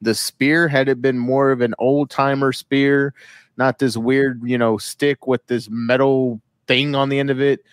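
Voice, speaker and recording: A man's voice: mid-range voice, little pitch movement, a little slow, dry recording. A man co-hosting a casual wrestling podcast, ranting bluntly and swearing freely. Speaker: podcast co-host.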